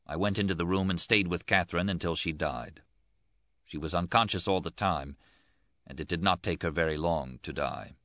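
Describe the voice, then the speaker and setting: Deep male audiobook narrator, measured and plain. Dry, lo-fi recording. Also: pushed and bright, no room sound. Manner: plain, measured first-person reading.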